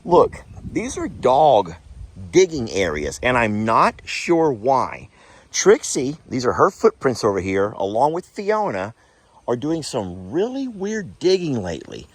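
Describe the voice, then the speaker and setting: A man's voice: mid-range voice, wildly swooping pitch, unhurried, dry recording. A man with a Texan accent hosting a casual ranch vlog outdoors in a pasture, chatting in a folksy way straight to his viewers. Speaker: ranch vlogger, host.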